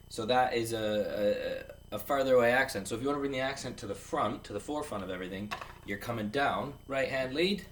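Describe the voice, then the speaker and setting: A man teaches drums in a loose, jokey way and counts beats aloud. He sounds set back from the microphone, and a clear hiss of background noise runs under his voice. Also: medium pitch, fairly bright tone, recorded from a distance. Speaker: drum teacher. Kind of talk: casual video lesson.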